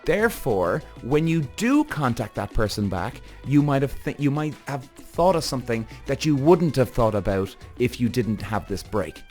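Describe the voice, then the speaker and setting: Animated, swearing man hosting a podcast. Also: mid-range voice, normal speed, hardly any pauses, faint music behind. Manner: animated, swearing freely, acts out his own thoughts. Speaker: podcast host. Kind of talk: casual monologue to listeners.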